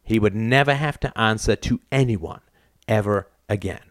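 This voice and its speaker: Male audiobook narrator, wry and dry, low voice, dead-dry sound. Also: normal speed, no room sound. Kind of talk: novel narration.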